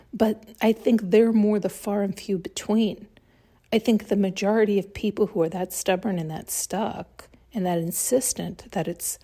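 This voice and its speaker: A woman's voice: mid-range voice, mellow. A woman hosting a podcast, giving a blunt, heated solo monologue during an intuitive reading and swearing freely. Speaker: podcast host.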